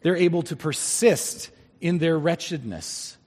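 A male pastor delivers a sermon in a measured, deliberate way, drawing out important words. His voice has a husky, slightly rough texture. It sounds like a church sanctuary, with a long reverb trailing every phrase. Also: fairly high pitch, darkish tone. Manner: deliberate, stretching key words for emphasis.

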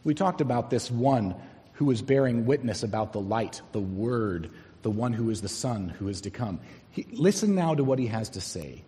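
A male pastor preaching a sermon, telling a story and slowing down to stress key words. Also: mid-range voice, expressive, warm tone. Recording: long hall reverb.

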